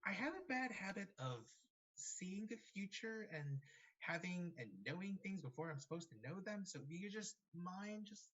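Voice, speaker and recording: Man doing a small apologetic gnome lady, bright and a bit higher, slightly muffled stream sound. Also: animated. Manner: hurried, keeps apologizing.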